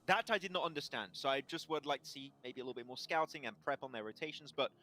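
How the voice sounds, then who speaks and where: Brief: male esports analyst, rapid-fire, bright tone, gamer slang. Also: mid-range voice. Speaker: esports analyst on a watch party desk.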